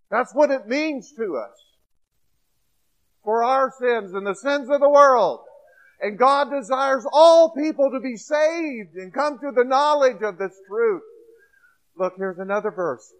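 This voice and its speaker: High-voiced preacher with hushed-to-loud swings. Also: male voice, takes it slowly, long pauses, dull audio. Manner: dynamic, swings from hushed storytelling to loud emphatic points. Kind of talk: sermon.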